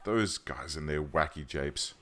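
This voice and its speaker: A man's voice: rumbling low, unhurried, a bit bright. A man hosting a let's play, chatting casually and thinking aloud as he plays, often correcting himself mid-sentence. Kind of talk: casual game commentary. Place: home room.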